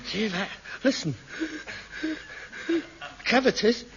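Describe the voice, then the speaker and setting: An actor playing a self-pitying, melodramatic grown son in an old radio sitcom. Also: male voice, high-pitched, slow. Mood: panicked. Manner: melodramatic, whining, theatrical. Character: hypochondriac adult son, dramatic and self-pitying. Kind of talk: 1960s radio sitcom acting. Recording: dull old broadcast recording with loud hiss.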